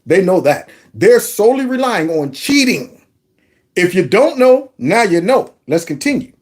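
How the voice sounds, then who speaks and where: Man, reaction commentator, folksy and excitable, pitch all over the place. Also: a little slow. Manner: animated, folksy, talks back to the clips. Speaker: commentator reacting to news clips.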